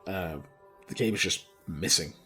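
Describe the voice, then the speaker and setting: Low guy narrating a tabletop game, laid back, lots of ums, faint music under it. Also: measured pace. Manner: relaxed, joking, hesitant fillers. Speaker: game master.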